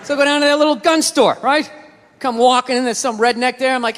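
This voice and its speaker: A male stand-up comic ranting in an explosive, shouting delivery, with a high voice and a bright, forceful edge. The sound carries a long reverb from a live venue, with a faint hum of ambience underneath. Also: steady tone, fast. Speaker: stand-up comedian. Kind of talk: stand-up comedy.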